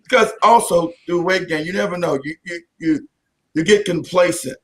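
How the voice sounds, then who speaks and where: A man with a high, fairly bright voice speaks at normal speed during a casual community talk, spinning jokey, profane stories packed with restarts and asides. He keeps addressing the audience as family.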